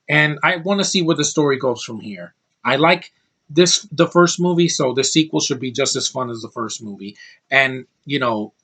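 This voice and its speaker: A man's voice: on the high side, fairly bright tone. A tired man giving blunt, rambling opinions about movies in a casual video, often restarting his sentences. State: tired from lack of sleep. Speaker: movie list vlogger.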